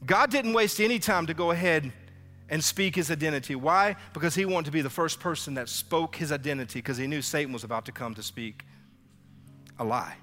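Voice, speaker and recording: A man preaching a lively sermon as pastor, acting out biblical dialogue for his congregation in church. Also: a little high, brisk. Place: church sanctuary. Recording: live hall reverb with faint music.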